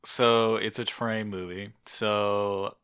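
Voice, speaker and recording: A man co-hosting a podcast, joking around and throwing out quick movie guesses. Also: fairly low pitch, level tone, fairly bright tone, clear, resonant tone. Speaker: podcast co-host, guessing player. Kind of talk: casual chat.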